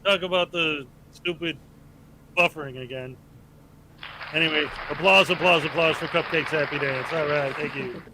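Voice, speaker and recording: A man's voice: a little high, normal speed, noisy background. A man hosting a casual livestream, chatty and laughing often as he thanks supporters and hypes viewers. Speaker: livestream host. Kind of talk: casual live chat reading donations.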